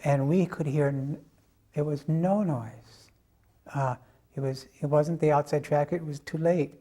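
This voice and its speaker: An older man recalls an old memory for an interviewer, telling it slowly and haltingly. His voice is mellow and warm. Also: on the high side, steady tone. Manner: unhurried, halting storytelling. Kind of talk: personal reminiscence.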